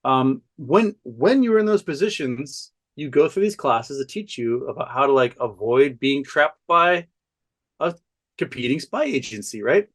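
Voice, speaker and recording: A man talking as a podcast guest, telling a story in an animated, profane way and laughing often. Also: mid-range voice, a little slow. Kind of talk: casual storytelling chat.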